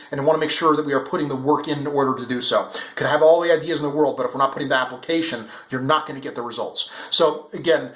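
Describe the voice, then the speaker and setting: An upbeat man coaching salespeople through a daily talk, with plenty of "um"s and "uh"s. His voice sits fairly high for a man. The sound carries a roomy echo. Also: fairly bright tone. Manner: upbeat, encouraging, many "um" and "uh" fillers.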